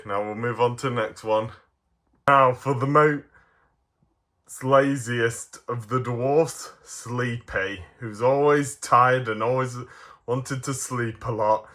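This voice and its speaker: A man's voice: medium pitch, fairly bright tone. A man reviewing toy figures in a casual, playful way, giggling often.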